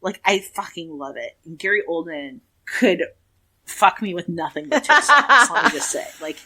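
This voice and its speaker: A woman's voice: lowish voice, very animated, normal speed, pushed and bright. A woman co-hosting a podcast in casual chat, rambling and swearing freely with plenty of fillers. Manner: chatty, profane, rambling with fillers. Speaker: podcast co-host.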